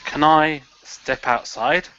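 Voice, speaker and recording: A man's voice: on the high side, fairly even intonation, takes it slowly, background noise. A man playing in a tabletop horror game, describing his character's actions in a rambling way full of "sort of" and "like", over a video call. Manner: rambling, restarts, many "sort of" and "like". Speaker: player. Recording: lo-fi online call audio.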